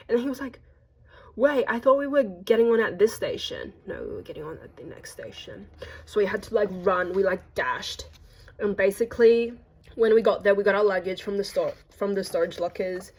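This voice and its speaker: Chatty young Australian woman, husky voice. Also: medium pitch, fairly quick, a little mellow. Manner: chatty, gossipy, playful slang. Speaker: vlogger. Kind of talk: casual travel vlog narration.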